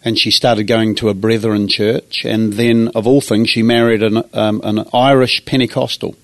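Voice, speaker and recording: A man's voice: on the low side, moderate pace, no room sound. A man with a New Zealand accent, a pastor telling his life story earnestly in an interview. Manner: earnest, animated when acting out his younger self. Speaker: pastor, guest. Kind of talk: personal storytelling. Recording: dry close sound.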